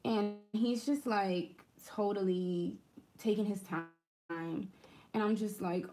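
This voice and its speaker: A woman's voice: medium pitch, fairly even intonation, slow, darkish tone. A woman vlogger chatting casually as she decorates a planner, rambling through a story with fillers and small asides. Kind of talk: casual storytelling while crafting.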